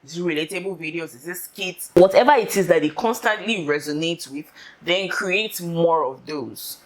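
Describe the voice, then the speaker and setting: A woman giving casual social media advice in an animated, instructive way, repeating points for emphasis. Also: on the low side, moderate pace, crowd noise. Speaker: content creator giving social media tips.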